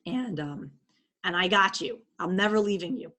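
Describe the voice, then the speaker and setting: A woman doing a soothing divine female presence, gentle, tender, reassuring, a touch lower and softer than her usual talk, calm even delivery. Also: normal speed.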